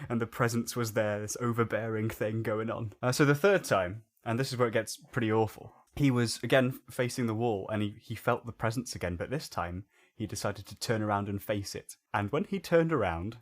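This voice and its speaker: Man telling a story. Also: on the low side. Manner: animated, swears and acts out quotes. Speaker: podcast co-host. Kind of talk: casual storytelling.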